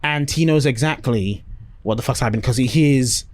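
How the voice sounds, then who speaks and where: A man co-hosting a casual review podcast, swearing a lot and acting out scenes in shrill voices. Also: moderate pace, a little mellow, no echo. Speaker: podcast co-host.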